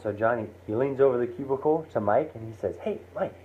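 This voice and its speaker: A man's voice: medium pitch, quick pace. Man telling a story over a tinny line. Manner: rambling, many fillers and restarts. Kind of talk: casual spoken story. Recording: tinny phone-like line with faint hiss.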